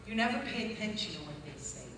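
A woman giving a lively testimony to a church audience, telling her story animatedly and rising to loud shouted peaks. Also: medium pitch, fast, noisy background. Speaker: guest speaker giving testimony. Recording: echoey hall recording from far off, with crowd ambience.

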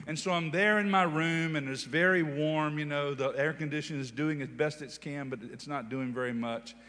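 A man preaching a sermon, telling his own story in an animated way that builds to loud, emphatic preaching. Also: mid-range voice, big-room sound. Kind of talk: sermon testimony.

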